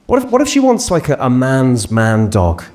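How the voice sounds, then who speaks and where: Animated, self-mocking English comedian. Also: male voice, mid-range voice, normal speed. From England. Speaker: stand-up comedian. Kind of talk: stand-up comedy. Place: on stage before a live audience.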